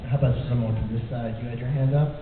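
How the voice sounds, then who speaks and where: A man's voice: medium pitch, fairly even intonation, very fast. A man telling booth stories as a voice director on a convention panel, joking and laughing often. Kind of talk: panel storytelling. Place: large convention hall. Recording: distant echoey hall, phone-like audio, audience noise.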